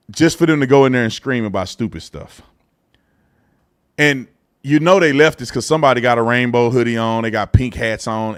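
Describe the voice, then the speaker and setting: A man hosting a live talk show in a dry, close sound with no room echo. His voice sits at an ordinary middle pitch. He speaks bluntly and mockingly, with loose, casual phrasing and frequent restarts. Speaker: show host. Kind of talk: live political commentary show.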